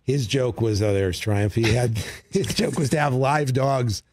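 A middle-aged man, a comedy writer, telling stories as a guest in a studio interview, animated and breaking into voices. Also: mid-range voice, unhurried, dry recording. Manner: animated, slips into character voices. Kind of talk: casual interview storytelling. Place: radio studio.

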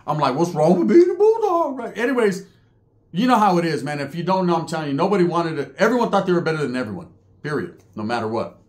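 A man's voice: fairly high pitch, quick pace. A middle-aged man telling a story in casual street slang, acting out the voices of others as he goes. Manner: street slang, animated retelling, mimics other inmates' voices. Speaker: podcast storyteller.

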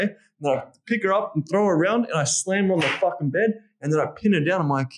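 A man's voice: high voice, animated, very fast, few pauses. A man in casual podcast talk as a dating coach, blunt and profane, acting out his own lines.

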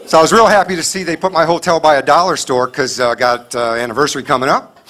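High-voiced man doing loud stand-up. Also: fairly even intonation, fast. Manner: loud, punchy delivery with voiced bits and asides. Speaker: stand-up comedian. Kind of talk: stand-up comedy set. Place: live comedy venue with audience. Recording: live show with crowd noise. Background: audience laughter.

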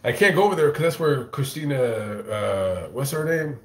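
A man's voice: medium pitch, expressive, normal speed. Cussing, rambling man on an echoey recording. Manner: profane, rambling, stammering restarts. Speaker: YouTuber. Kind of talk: casual storytelling to camera, reading chat.

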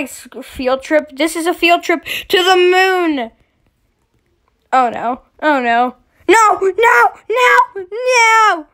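A woman giving casual gameplay commentary, excitable, often shrieking and giggling as she plays. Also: a little high.

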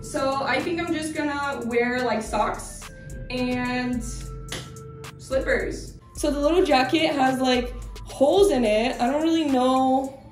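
Young woman, high bright voice, gushing fashion-vlog chatter, echoey room, set back from the mic, faint music under it. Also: slow, recorded from a distance. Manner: bubbly, gushing, filler-heavy. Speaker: fashion vlogger. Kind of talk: casual try-on haul chat.

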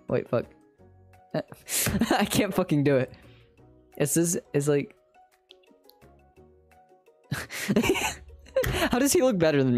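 A man streaming a game, chatting playfully and swearing while reading lines aloud. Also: a little high. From India. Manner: playful, swears, laughs a lot.

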